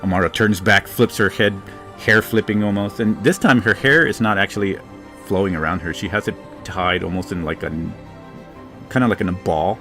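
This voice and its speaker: A man running a tabletop role-playing game, narrating scenes in a loose, filler-laden way. His voice is low, and faint music plays beneath. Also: normal speed, sharp tone. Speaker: game master.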